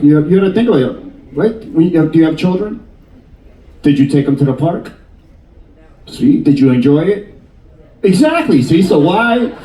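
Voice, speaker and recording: Animated fifty-something stand-up comic. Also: male voice, fairly high pitch, roomy sound, recorded from a distance, rough recording. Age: 50s. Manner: animated, jokey, teasing the audience. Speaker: stand-up comedian. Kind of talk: stand-up crowd work. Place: cruise ship theater.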